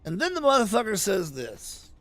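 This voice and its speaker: High-voiced man telling a heated story. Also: wildly swooping pitch, moderate pace, a bit bright, no echo. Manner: heated, swears a lot, retells quarrels. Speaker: livestreamer. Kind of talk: casual profane storytelling.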